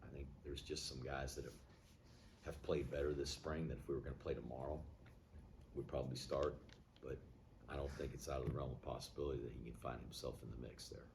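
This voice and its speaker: A middle-aged man speaks in a remarkably deep, low voice as a football head coach fielding questions from the press. He talks in a plainspoken, measured way and thinks aloud as he answers. A faint hum of background noise sits under his words. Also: fairly even intonation, a little mellow. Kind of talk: post-game media interview.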